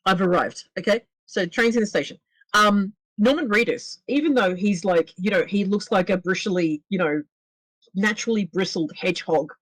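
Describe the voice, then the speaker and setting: A woman's voice: medium pitch, breathy edge, no echo, low-quality recording. A woman co-hosting a livestream in casual chat, chatty and teasing. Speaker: streamer co-host.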